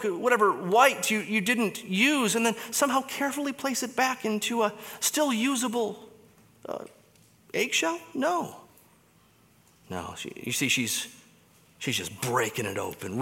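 Bright-voiced preacher in an echoing hall. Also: male voice. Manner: dramatic swings between loud emphasis and hushed low phrases. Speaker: pastor. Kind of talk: sermon. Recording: long hall reverb.

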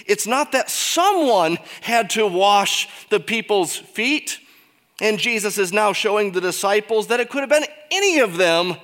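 A man preaching in a large church, his voice ringing with long reverb. He talks slowly and lets his fairly high pitch climb and fall widely, moving from emphatic peaks to hushed asides. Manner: expressive, swings between emphatic peaks and quiet low asides. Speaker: pastor. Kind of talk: sermon.

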